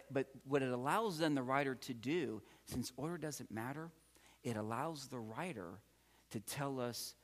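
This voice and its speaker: A man giving a patient, encouraging classroom lecture as a Greek teacher, often repeating key words. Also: medium pitch. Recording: long hall reverb.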